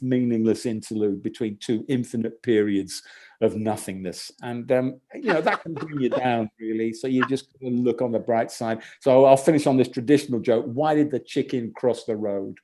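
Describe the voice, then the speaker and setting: A man doing a rambling stand-up set, telling a long story in a halting, deadpan way full of restarts. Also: mid-range voice. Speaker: stand-up comedian.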